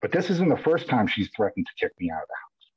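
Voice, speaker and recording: A man's voice: fairly low pitch, big pitch swings, fast, breathy edge, no room sound. A man guest on a podcast, candidly and emotionally retelling events with many restarts. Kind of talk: candid conversational storytelling. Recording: dull lo-fi audio.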